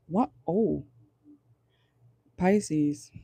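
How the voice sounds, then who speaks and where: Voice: mid-range voice, steady tone, normal speed, warm tone, slight background noise. Blunt, profane tarot reader in a car. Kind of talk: casual channeled tarot reading. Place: parked car.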